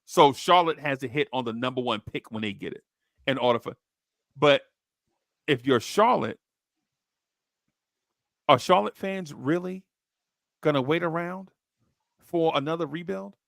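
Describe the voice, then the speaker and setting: A man hosting a basketball podcast, telling stories in slangy, excitable chat and jumping into high voices when he quotes people. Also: measured pace, creaky, long pauses, no room sound, clean studio sound. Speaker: podcast host. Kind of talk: animated storytelling chat.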